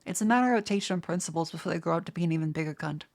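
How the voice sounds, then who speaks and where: Rapid-fire and lowish, with a touch of mellowness, a young Australian woman answers viewers on a live stream. Her talk is crude and rambling, broken up by stammers and restarts.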